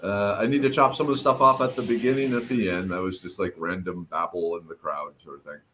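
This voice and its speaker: A man's voice: low voice, steady tone, quick pace, bright, forceful tone, slight background noise. A middle-aged man hosting a casual livestream, greeting viewers by name and chatting while his throat recovers. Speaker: livestream host. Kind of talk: casual livestream chat reading comments.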